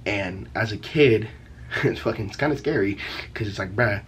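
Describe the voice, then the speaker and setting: A man's voice: fairly low pitch, normal speed, slight background noise. A young man telling a story from his teen years in a casual vlog, rambling and profane, packed with slang fillers. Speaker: vlogger.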